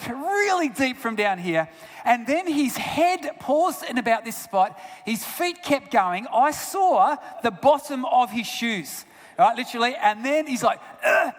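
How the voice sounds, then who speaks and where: A man giving a sermon as a guest speaker, telling stories with big swings between loud bursts and hushed asides. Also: very high-pitched. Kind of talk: storytelling sermon. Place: church sanctuary. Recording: long church reverb.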